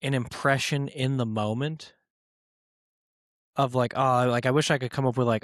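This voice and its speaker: A man's voice: mid-range voice, a bit bright, no echo. Dude rambling solo on his podcast, swears a lot, self-mocking, mid voice, super dry close mic. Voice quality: rambling, profane, self-mocking, quick bursts. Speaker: podcast host.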